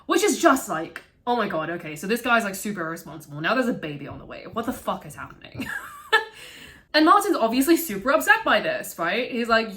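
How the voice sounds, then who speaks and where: A woman giving casual film commentary, animated and profane, often laughing. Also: mid-range voice, a little fast. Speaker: vlogger reviewing a film.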